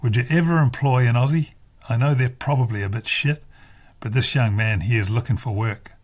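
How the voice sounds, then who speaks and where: A man's voice: mid-range voice, fairly quick, darkish tone, natural voice. A man voicing a wild young Dublin man who mockingly puts on a posh, plummy voice, in a storybook reading. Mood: rowdy. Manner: mocking, plummy put-on toff voice.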